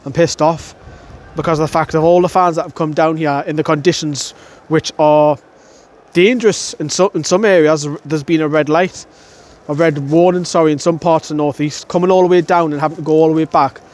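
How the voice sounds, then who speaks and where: Man, young adult, angry, blunt, swearing, outdoor fan vlog, slightly high pitch. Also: steady tone, brisk, darkish tone. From North East England. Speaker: fan channel presenter. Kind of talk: post-match fan reaction. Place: outdoors outside a stadium, wet weather.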